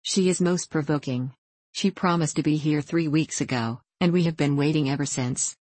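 A woman's voice: low-pitched, normal speed, a little mellow, no room sound. A woman reading the lines of a polite, whimsical male fairy guide in a storybook, in a solemn, courtly manner.

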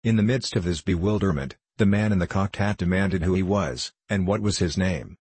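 A man reading a classic tale aloud as an audiobook narrator, in a steady, measured way. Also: low-pitched, slightly rough, dry recording.

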